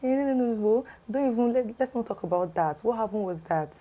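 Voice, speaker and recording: A woman with a Yoruba accent voicing a smooth-talking male phone scammer who keeps insisting. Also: on the low side, fast talker, warm tone, highs cut off, close to an everyday voice. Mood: coaxing, insistent. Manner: insistent, wheedling, repeats "no, no, no".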